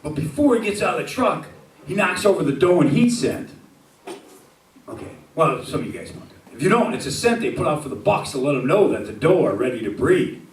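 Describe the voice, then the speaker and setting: A man's voice: a little high, sing-song, brisk. A man telling crude comic stories to a live crowd on a handheld mic, chuckling through his own jokes. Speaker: comedic performer. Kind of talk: live comic storytelling to an audience. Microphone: handheld microphone. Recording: echoey, distant, over loud guitar music.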